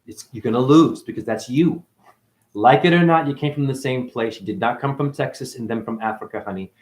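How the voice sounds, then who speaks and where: A man ranting on a spiritual livestream, cursing freely and jumping between loud high outbursts and low mutters. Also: a little fast. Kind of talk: rambling spiritual livestream rant.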